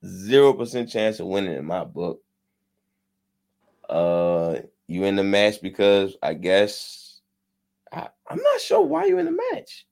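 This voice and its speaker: A man's voice: sits low, wildly swooping pitch, unhurried, vocal fry, a little mellow. A man co-hosting a casual wrestling podcast, talking bluntly with slang and profanity. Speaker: podcast co-host.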